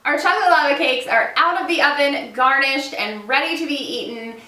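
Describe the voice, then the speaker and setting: A woman's voice: sits high, expressive, fairly quick, bright, forceful tone. A woman hosting a casual cooking demonstration in a kitchen, upbeat, giggly and chatty. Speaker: cooking show host. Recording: echoey room, mic at a distance.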